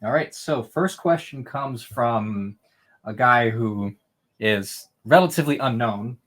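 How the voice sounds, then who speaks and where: Husky male producer reading questions. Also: mid-range voice, animated, slow pace, a bit bright. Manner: joking and offhand while reading out questions. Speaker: podcast producer.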